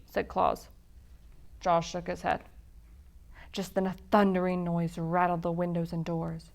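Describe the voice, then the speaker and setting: A woman reading a children's picture book aloud at a library storytime, in an expressive storytelling manner. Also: on the low side, measured pace, gravelly, pauses often.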